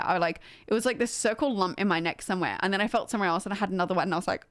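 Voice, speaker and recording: A young woman livestreams and chats casually with her viewers, rambling with plenty of fillers and laughter. Her voice is mid-range and a bit bright, and she talks at a racing clip.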